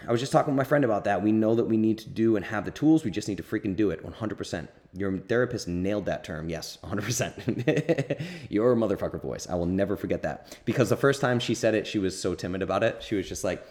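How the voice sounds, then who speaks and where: Low-voiced rambling man. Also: lively intonation, fast talker, darkish tone. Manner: rambling, self-correcting, candid and profane. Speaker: podcast host. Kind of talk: casual solo podcast answering listener questions.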